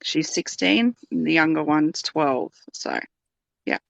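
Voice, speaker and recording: A woman being read by a psychic, answering in a casual, unhurried way. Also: low-pitched, animated, gravelly, dry recording, highs cut off. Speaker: client of a reading. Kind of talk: casual chat.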